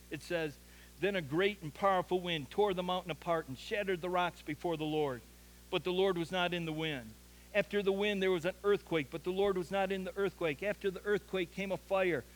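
A man's voice: high voice, a little hiss or hum, poor audio. A man preaching an earnest sermon as a pastor, building to emphatic peaks.

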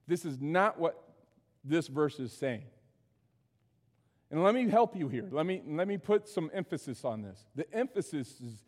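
A man's voice: fairly high pitch, lively intonation, measured pace, a little mellow, in a large hall. A man preaching a sermon as pastor, talking in a conversational way with frequent asides to the congregation.

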